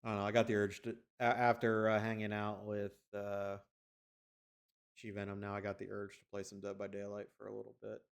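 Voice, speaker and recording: A man's voice: lowish voice, completely flat delivery, fairly quick, gravelly, clear, resonant tone. A man streaming a video game, telling a story in casual, rambling chat with frequent swearing and restarts. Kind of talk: casual chat while gaming.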